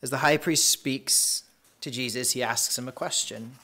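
A man preaching a sermon as pastor, reading scripture dramatically. He slows down for emphasis and drops into hushed tones. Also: medium pitch, fairly even intonation.

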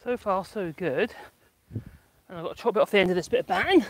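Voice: medium pitch, lively intonation, fast talker. A vlogger chatting casually while building a greenhouse in a windy garden, muttering to themself, swearing and laughing. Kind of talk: casual DIY chat.

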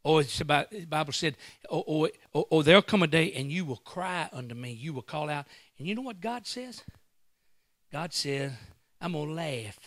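A man preaching a sermon as a guest pastor in a church, swinging into loud bursts and acting out quotes. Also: on the high side, lively intonation, moderate pace, dry recording, studio quality.

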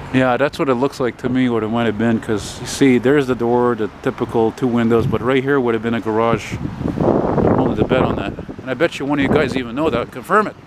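A man with a gruff voice, walking and talking in a blunt, profane, rambling way as he films a casual vlog. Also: medium pitch, moderate pace, pauses often. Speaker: vlogger. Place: city street outdoors. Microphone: handheld camera. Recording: outdoor traffic noise. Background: street traffic.

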